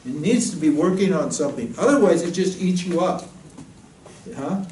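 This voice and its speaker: A man giving a spiritual talk, telling a story in a lively, jokey way. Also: sits high, normal speed, slight background noise. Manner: lively, jokey storyteller who laughs at his own jokes. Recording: roomy, distant mic, faint ambience.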